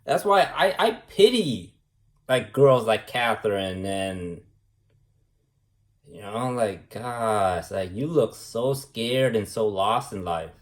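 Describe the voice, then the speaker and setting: Slow, preachy man lecturing. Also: lowish voice, lively intonation. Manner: preachy, repetitive, ends lines with "man" and "right". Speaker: vlogger. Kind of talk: rambling monologue.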